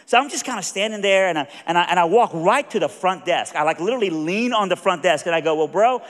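A high-voiced Southern American man preaches in a folksy, animated way, spinning a story and putting on the other people's voices. His voice rings out with a long reverb from a large hall. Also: fast talker. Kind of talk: sermon storytelling.

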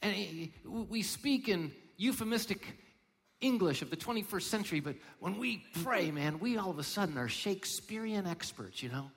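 A man preaches in a high-pitched voice, pushing hard on rhetorical questions before sinking to a hushed, low delivery. His voice rings with the long reverb of a large hall. The sermon style comes through in every line. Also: lively intonation, normal speed. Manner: emphatic preaching with rhetorical questions and sudden drops to a soft voice. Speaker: pastor.

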